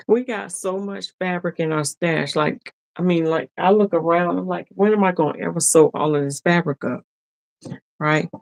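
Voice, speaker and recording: A woman's voice: fairly low pitch, a little slow, gravelly, no echo. Chatty woman hosting a sewing livestream. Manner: chatty, laughing, talks to viewers directly. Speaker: sewing live-stream host. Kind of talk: casual live-stream chat with viewers.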